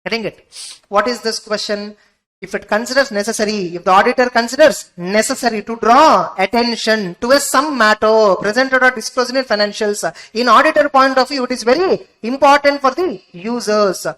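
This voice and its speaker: A woman's voice: a little high, normal speed, a bit bright, rough recording. A woman with an Indian English accent teaching an exam-prep lecture, keeps asking the class whether they follow.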